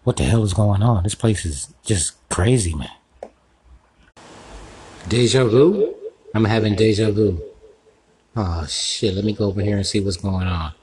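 A man's voice: lowish voice, measured pace, long pauses, a little mellow, slight background noise, poor audio. A man hosting a comedic solo podcast sketch, rambling and swearing as he talks to himself. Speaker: podcast host.

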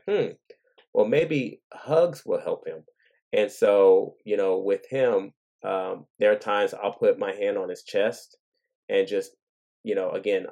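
A man hosting his own show, talking earnestly and gently in a casual reflective monologue, thinking aloud as he goes. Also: fairly low pitch, creaky. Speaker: father and podcast host.

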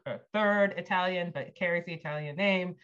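A woman's voice: lowish voice, moderate pace, a bit bright, clear, resonant tone. A woman in her forties co-hosting a podcast, chatting animatedly and laughing often. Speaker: podcast co-host. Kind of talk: casual chat. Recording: dull lo-fi audio.

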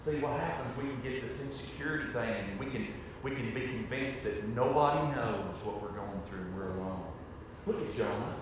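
A man preaching a sermon with emphasis, swinging from shouts to very quiet passages. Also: moderate pace, far from the mic, noisy background. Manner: emphatic, rising to shouts then dropping very low. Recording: echoey hall with long reverb.

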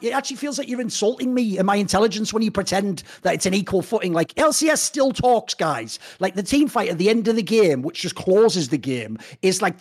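A man with a husky, fairly high voice co-hosts an esports talk show. He talks in a brash, teasing way and swears freely. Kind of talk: casual opinionated chat.

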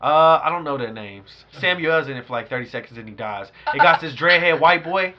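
Animated slangy man on a lo-fi podcast. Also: fairly high pitch, fairly quick, a crowd in the background. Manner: animated storyteller, slangy, acts out quotes. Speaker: podcast co-host. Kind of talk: casual podcast chat. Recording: dull lo-fi sound.

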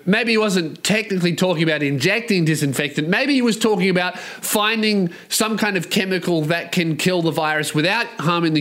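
A man's voice: on the high side, sharp tone. A man hosting a solo podcast, ranting in a profane, mocking and rambling way. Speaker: podcast host.

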